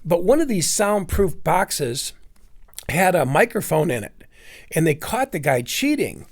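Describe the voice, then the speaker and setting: A man's voice: high voice, very animated, a little slow. A middle-aged man rambling through a personal story, acting out what others said. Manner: rambling, with restarts and acted-out quotes. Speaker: storyteller recounting personal experience.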